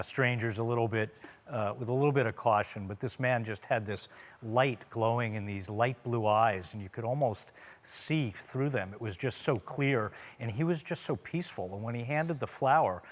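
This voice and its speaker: A middle-aged man with a New York accent, a talk show guest, describing an event in a measured, reflective way. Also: lowish voice. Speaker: guest, the woman's husband.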